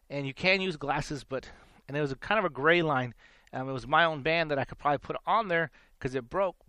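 A man's voice: on the high side, pushed and bright, no echo, clean studio sound. A man in his forties hosting a faith talk show, telling a story in a rambling, repeating way and laughing between lines. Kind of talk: casual storytelling monologue.

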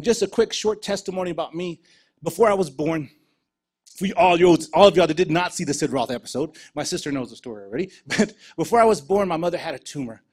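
Male preacher, slightly higher voice, animated testimony and prayer. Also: quick pace, breathy edge. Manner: storytelling, animated, laughs between lines.

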